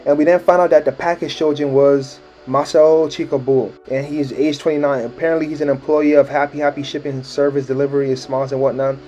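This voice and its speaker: Laid-back man, dark mellow voice. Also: a little high, flat delivery, fairly quick, hardly any pauses. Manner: laid-back slangy talk with frequent laughs. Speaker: manga chapter recap host. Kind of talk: casual spoken recap. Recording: dull lo-fi mic with faint music.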